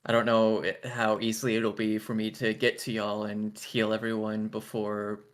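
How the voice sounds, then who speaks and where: A man voicing a small, adorable cleric in a tabletop game, speaking hesitantly with many pauses. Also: lowish voice, completely flat delivery, natural voice. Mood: worried. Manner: hesitant, hedging, lots of uh.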